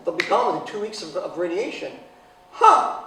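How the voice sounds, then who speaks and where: Speaking fast with a fairly high voice, a man gives a humorous personal talk from a stage, dry and sarcastic, now and then bursting out loud and excited. He sounds distant in a very echoey hall, with faint noise behind him.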